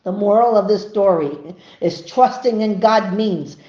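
A woman giving a religious lesson, earnest and emphatic, who tells a story with animated voices. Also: medium pitch, a little slow. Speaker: Torah teacher. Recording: dull, echoey room.

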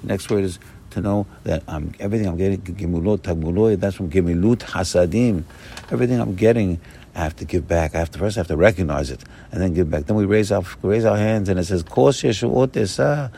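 A man serving as rabbi gives a fervent Sabbath morning sermon, repeating short phrases and swinging between loud bursts and soft, low asides. He talks fast, with a breathy edge to his voice.

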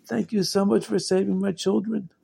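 A man's voice: high voice, steady tone, moderate pace, vocal fry, mellow, breathy edge, voice pushed up, heavily acted. A man voicing a frantic, worried father who exclaims in alarm and relief. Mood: relieved, excited. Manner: anxious, exclaiming.

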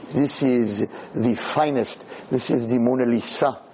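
A man voicing a proper, haughty French museum curator who speaks slowly and formally. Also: medium pitch, darkish tone, voice pushed down, natural voice, poor audio. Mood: pompous. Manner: formal, slow and precious.

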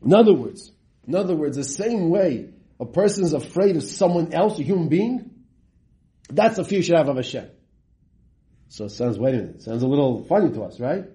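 A man teaching a Talmud lesson, reading the Aramaic and translating it line by line, asking rhetorical questions and swinging his pitch for drama. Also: lively intonation, brisk, mellow.

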